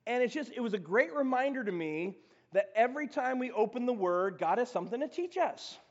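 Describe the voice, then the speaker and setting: Pastor, male, high-pitched, chatty animated preaching; muffled lo-fi recording in a reverberant church. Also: brisk. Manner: conversational, animated preaching with restarts. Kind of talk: sermon. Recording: dull lo-fi sound in reverberant hall.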